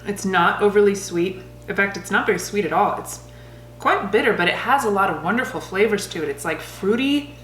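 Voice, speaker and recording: A woman's voice: medium pitch, expressive, fairly quick, a bit bright, echoey room, slight background noise. Chatty woman mixing cocktails at home. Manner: chatty, thinks aloud while mixing. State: out of breath after shaking. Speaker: cocktail reviewer. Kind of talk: casual cocktail-making vlog.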